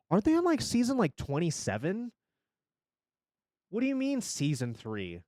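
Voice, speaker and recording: A man's voice: fairly high pitch, huge pitch swings, normal speed, a little mellow, no echo, clean studio sound. A man in his forties streaming casually, rambling and joking with chat and swearing freely. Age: 40s. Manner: rambling, profane, jokey, reacting to chat.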